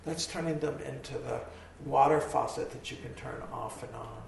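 A hoarse man giving a slow, reflective dharma talk to a group, pausing as he thinks. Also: mid-range voice. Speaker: meditation teacher. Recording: echoey hall from far off, faint noise.

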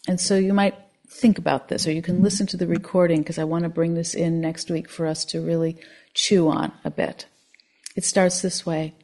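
A woman with a lowish voice gives a contemplative dharma talk to a group. She speaks gently and unhurriedly, often dropping toward a hushed, near-whispered tone. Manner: soft, slow and contemplative, at times near a whisper. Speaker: meditation teacher.

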